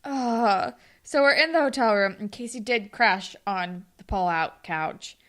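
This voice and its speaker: A woman's voice: mid-range voice, a little slow, fairly bright tone. A young woman co-hosting a podcast, animatedly recapping a TV episode with sarcastic quoted voices. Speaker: podcast co-host. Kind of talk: casual recap chat.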